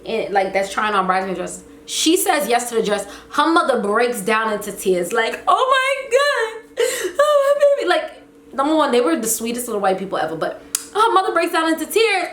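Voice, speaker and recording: A young woman vlogger telling a casual storytime, animated and slangy, acting out what people said. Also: fairly high pitch, brisk, a little hiss or hum. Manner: animated, slangy, acts out quotes. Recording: echoey room with faint ambience.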